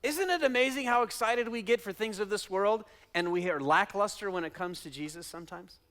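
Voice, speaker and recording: A man preaching a sermon as pastor, dramatic, acting out quotes and swinging from loud shouting to hushed asides. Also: sits high, fairly quick.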